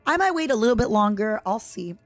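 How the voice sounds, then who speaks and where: A young woman with an Eastern European accent talks through a live game stream. Her voice swoops up and down as she reacts excitably to the action and chats with viewers. Faint music plays underneath. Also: a little high, fast talker, dry recording. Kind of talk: live gaming stream chat.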